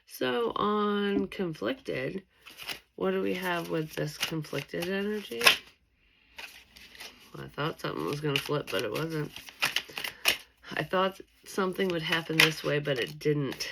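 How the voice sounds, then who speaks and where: Slow, gravelly-voiced tipsy woman reading tarot. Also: low-pitched, animated, very noisy. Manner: loose, giggly and profane. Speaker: tarot reader.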